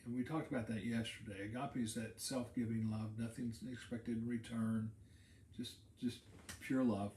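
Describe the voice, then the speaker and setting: A man's voice: medium pitch, steady tone, moderate pace, a little mellow, slight background noise. A man, a pastor, giving a casual Bible teaching talk, explaining in a conversational way and repeating words while he thinks. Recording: roomy echo.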